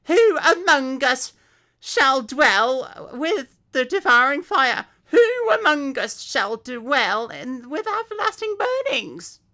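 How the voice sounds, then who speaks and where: A woman doing a frightened, shrill sinner. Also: big pitch swings, slow, pushed and bright, full character voice. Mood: fearful. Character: frightened sinner crying out in dread.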